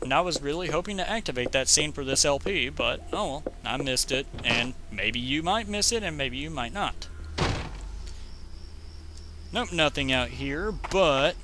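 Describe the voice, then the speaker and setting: Excitable young man doing game commentary. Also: a little high, a little hiss or hum. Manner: rambling, jokey, talks fast when excited. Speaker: let's play commentator.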